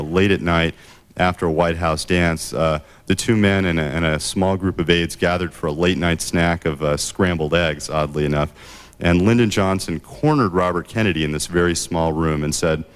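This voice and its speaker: Male speaker, very deep voice, measured lecture delivery with frequent fillers. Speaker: author giving a book talk. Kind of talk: prepared lecture.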